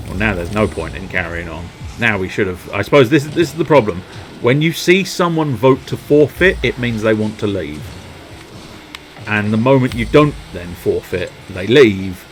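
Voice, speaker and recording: A man giving live gameplay commentary, excitable, sweary and self-mocking, with sudden yelps. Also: on the low side. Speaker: streamer.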